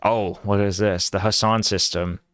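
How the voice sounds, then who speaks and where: A man's voice: fairly low pitch, little pitch movement, moderate pace, fairly bright tone, clean tone, no room sound, clean studio sound. A young man hosting a commentary stream, talking loosely with lots of fillers and restarts. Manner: rambling, filler-heavy, laughs while reading. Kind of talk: casual commentary chat.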